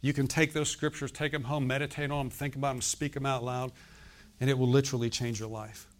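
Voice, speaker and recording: A man's voice: medium pitch, level tone, a little fast. A man in his sixties preaching a sermon as pastor, emphatic and often asking the congregation to answer. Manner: emphatic, asks the congregation questions.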